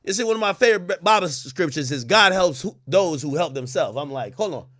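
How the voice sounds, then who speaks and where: A man from Jamaica hosting a livestream, ranting loudly and profanely, dropping from shouts to low mutters. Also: animated, fairly quick, dry recording, studio quality. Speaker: livestream host. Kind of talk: animated livestream rant.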